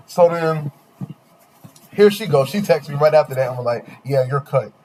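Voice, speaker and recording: A young man hosting a podcast, telling a long dating story in slangy, animated casual chat with quoted voices. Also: a little high, moderate pace, a little hiss or hum. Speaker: podcast host.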